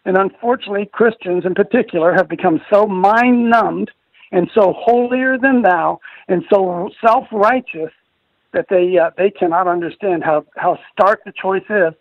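Older male radio host, emphatic and preachy, high gravelly voice, muffled dry studio recording. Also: normal speed, no echo. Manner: emphatic, preachy, repeats phrases for stress. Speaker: radio host, ministry leader. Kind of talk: conservative Christian radio talk.

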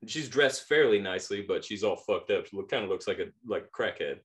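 Animated man telling a funny story. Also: lowish voice, brisk. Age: 30s. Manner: animated, laughs often, acts out quoted voices. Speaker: podcast co-host. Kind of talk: casual storytelling.

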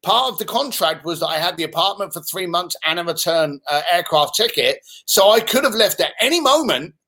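London-accented guest in his fifties, fairly high voice with lots of melody, cheeky and animated raconteur. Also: a little fast. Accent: London English. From London, England. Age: 50s. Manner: animated, swearing, laughs while telling stories. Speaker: interview guest. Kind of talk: casual storytelling in conversation.

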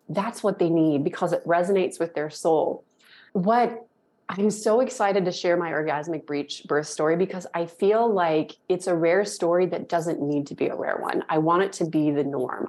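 A woman telling a personal story as a podcast guest, animated and emotional, rambling and jumping into dramatic quoted voices. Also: fairly low pitch. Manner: emotional and effusive. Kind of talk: casual interview storytelling.

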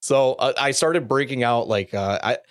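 A man's voice: medium pitch, moderate pace, dry recording, clean studio sound. A man hosting a casual gaming podcast, rambling and hesitant, often restarting words and laughing. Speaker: podcast host.

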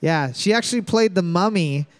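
High-voiced joking trivia host. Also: male voice, lively intonation, normal speed, smooth. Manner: jokey, announcing questions and scores. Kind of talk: live bar trivia hosting. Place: bar during live trivia night.

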